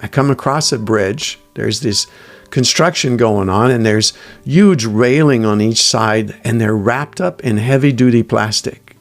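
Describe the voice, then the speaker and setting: A man giving a reflective self-help talk, telling everyday stories in a thoughtful, halting way. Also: mid-range voice, soft background music. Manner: thoughtful, halting, with restarts and quoted inner voice. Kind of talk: reflective solo talk with anecdotes.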